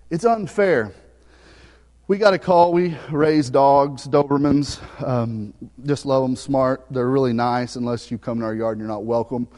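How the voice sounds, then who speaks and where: A middle-aged man with a Southern US accent preaching a sermon, telling a folksy personal story and swinging from loud preaching to soft, hushed asides. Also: mid-range voice, long reverb tail. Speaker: pastor. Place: church sanctuary.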